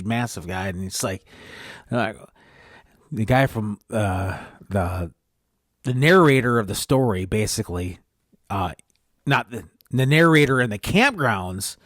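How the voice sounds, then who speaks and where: A man's voice: lowish voice, fairly bright tone, no room sound, studio quality. A man hosting a podcast, rambling through a made-up story and often correcting himself. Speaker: podcast host.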